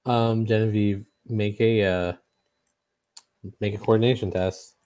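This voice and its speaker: A man narrating a tabletop game as game master, in a halting way with many fillers and restarts. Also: lowish voice, steady tone, mellow, clear, resonant tone.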